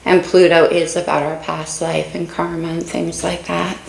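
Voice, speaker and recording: A woman's voice: fairly low pitch, little pitch movement, normal speed, gravelly, reverberant, slight background noise, low-quality recording. A woman giving a casual spoken tarot reading, musing and speaking straight to her viewers while a little out of breath. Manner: dreamy, musing, talks to viewers directly. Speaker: tarot reader.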